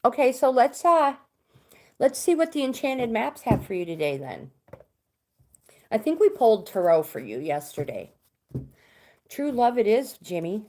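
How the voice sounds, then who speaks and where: A woman's voice: on the high side, very animated, unhurried, long pauses, a little mellow. Middle-aged woman, chatty livestream host reading cards, casual. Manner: chatty, reads viewer comments aloud. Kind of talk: casual live chat.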